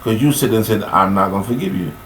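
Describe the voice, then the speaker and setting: A man giving a rambling, preachy monologue about forgiveness, recorded on a webcam, with sudden high-pitched bursts of emphasis. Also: fast talker, fairly bright tone, reverberant, slight background noise, poor audio.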